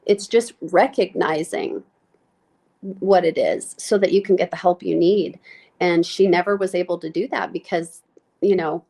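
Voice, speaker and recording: A woman nurse practitioner speaking candidly in an interview, reflective and halting, with many fillers and restarts, close to tears as she talks. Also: lowish voice, creaky, darkish tone.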